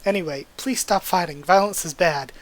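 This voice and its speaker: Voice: mid-range voice, normal speed, close to an everyday voice. A manga reader voicing an earnest, flustered young male student hero.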